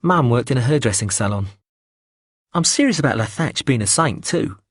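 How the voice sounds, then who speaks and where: A man's voice: medium pitch, expressive, moderate pace, breathy edge, dry recording, clean studio sound. A man reading as a swaggering sweary hustler. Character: cocky, foul-mouthed northern-born male hustler in London. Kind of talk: audiobook character reading.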